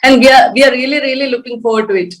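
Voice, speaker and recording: A woman's voice: high-pitched, racing, rough recording. A woman hosting an interview, bubbly and teasing, giggling often between questions. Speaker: interview host.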